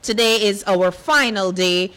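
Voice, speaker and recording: A woman chairs a formal ceremony in a mid-pitched voice. She announces in a steady, official cadence, listing guests' titles one after another. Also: measured pace. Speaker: master of ceremonies.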